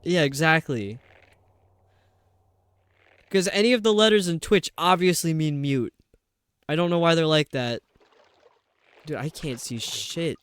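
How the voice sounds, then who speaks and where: A man's voice: fairly high pitch, a little slow, pauses often, clear, resonant tone, dry recording. A man live-streaming a video game, rambling to his viewers as he puzzles over the level. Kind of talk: casual live-stream chat while gaming.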